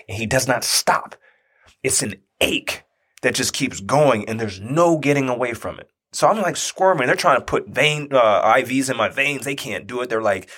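A man's voice: mid-range voice, husky. A man in his thirties telling a personal story in casual talk, acting out the quoted dialogue. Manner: animated, acts out quoted dialogue.

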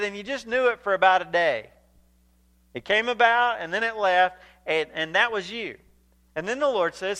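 Guy preaching, high bright voice, gets really animated retelling the bible bits. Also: normal speed. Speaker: pastor. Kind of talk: sermon.

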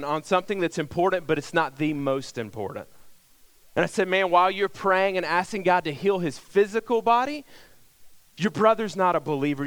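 A middle-aged male pastor preaching a sermon, telling a personal story conversationally and swinging between loud emphasis and hushed, near-whispered lines. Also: high voice, clear, resonant tone, dry recording.

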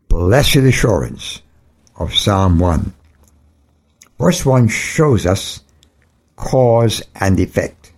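A male preacher delivers a radio sermon in an unhurried, deliberate way. He reads scripture with weight and lifts his voice sharply on key words. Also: medium pitch, a little mellow. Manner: slow, deliberate preaching with emphatic rises.

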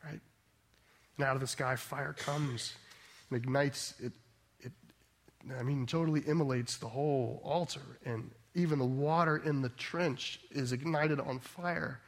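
A man's voice: medium pitch, steady tone, a little slow. A man preaching a sermon, retelling a story and building it into emphatic preaching. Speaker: pastor.

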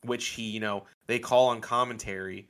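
A man's voice: on the low side, steady tone, moderate pace, a bit bright, clear, resonant tone. A man co-hosting a casual wrestling podcast, rambling with lots of fillers and frequent laughs. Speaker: podcast co-host. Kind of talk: casual wrestling review chat.

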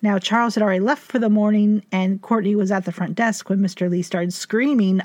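A woman's voice: mid-range voice, fairly even intonation, a little fast, few pauses, a little mellow, no room sound. Dry, wry woman storyteller, very close. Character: vampire hotel owner narrating in first person. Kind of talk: scripted fiction narration.

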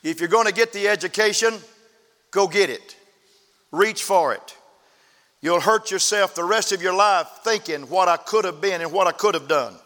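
A man delivering a sermon in a church, his voice high for a man and ringing bright. He tells folksy stories and drops his voice sharply at the ends of phrases. A long church reverb trails each line. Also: moderate pace. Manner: folksy storytelling preacher, emphatic drops in pitch at phrase ends. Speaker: pastor. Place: church sanctuary.

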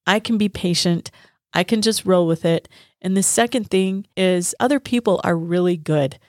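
A woman's voice: on the low side, moderate pace, no room sound, clean studio sound. A woman co-hosting a faith podcast, telling a personal story in a casual, laughing way. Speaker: podcast co-host.

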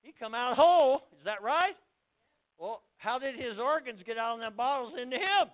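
An older man preaching as a pastor in a church, excitable, with loud bursts and repeated words. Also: very high-pitched, normal speed. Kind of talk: lively church sermon. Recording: phone-like lo-fi recording.

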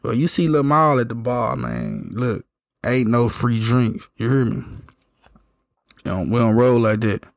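A hoarse man telling a story in a casual, slangy, laid-back way. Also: mid-range voice, expressive, measured pace, dry recording, studio quality. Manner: laid-back slangy talk, lots of "you know what I'm saying". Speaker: podcast host telling a story.

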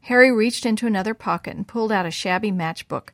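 A woman narrating a children's story, using lively voices for the boys' lines. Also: medium pitch, quick pace, no echo, studio quality.

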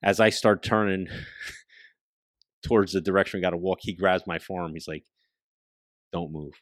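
A man, a guest on a talk show, telling a hunting story in a casual, profane, animated way and often dropping his voice to a hush. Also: sits low, moderate pace, dry recording. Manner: profane, animated storyteller who drops into hushed tones.

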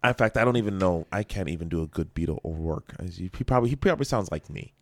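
A man's voice: low voice, lively intonation, fast, no echo. A man co-hosting a podcast, chatting loosely through the news with a rambling, jokey manner. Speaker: podcast co-host. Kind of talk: casual news chat. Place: local radio studio.

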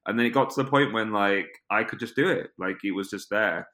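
A British man, an actor and filmmaker, chatting as an interview guest with a rambling, animated way of telling stories and lots of "like" fillers. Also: on the low side, fairly quick. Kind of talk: casual interview chat.

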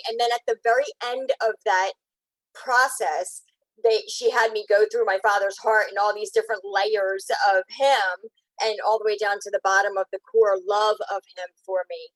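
A woman's voice: mid-range voice, fairly even intonation, moderate pace, dry recording, low-quality recording. Tearful, heartfelt woman telling her story. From Pennsylvania. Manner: rambling, heartfelt, breaks up tearfully. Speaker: podcast guest, realtor. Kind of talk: emotional personal storytelling.

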